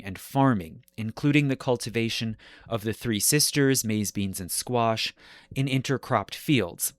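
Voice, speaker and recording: A man hosting a history podcast, explaining the geography in a measured lecture style and correcting himself as he goes. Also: mid-range voice, no echo.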